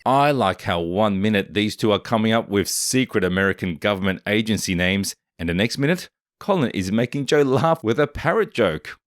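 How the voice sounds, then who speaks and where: A man delivering a scripted commentary voice-over with snide, opinionated jabs. His pitch leaps and dips all over the place. The sound is close and dry, with no room around it. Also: no echo. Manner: snarky, opinionated. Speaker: commentary narrator.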